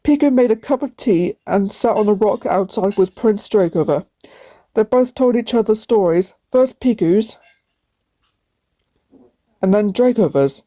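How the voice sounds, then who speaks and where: A woman's voice: mid-range voice, animated, measured pace, long pauses, warm tone. A woman reading her own children's story aloud, plainly, with small slips. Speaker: storybook reader.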